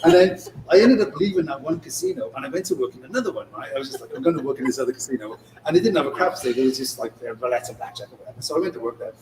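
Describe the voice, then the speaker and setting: A man's voice: medium pitch, racing. A man co-hosting a podcast, telling casino stories casually and acting out the dialogue. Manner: animated anecdote-telling, acts out dialogue. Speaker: casino dealer, podcast co-host. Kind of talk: casual storytelling. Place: showroom, live on location. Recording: echoey room, distant mic, background noise.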